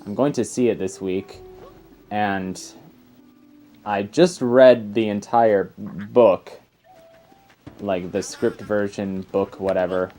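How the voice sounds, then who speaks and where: A young man chats his way through a let's play, wandering off on tangents and scattering fillers as he goes. His voice sits a little low and mellow, and faint game music plays underneath. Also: steady tone, slow, long pauses. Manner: rambling and chatty, full of fillers and tangents. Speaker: let's player. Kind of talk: casual gameplay commentary.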